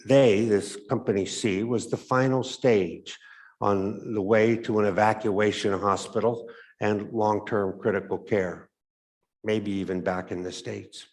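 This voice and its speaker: A man with a low-pitched voice tells a story aloud, measured and reflective. He lets his phrase ends drop away quietly. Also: steady tone. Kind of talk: story read aloud for Advent.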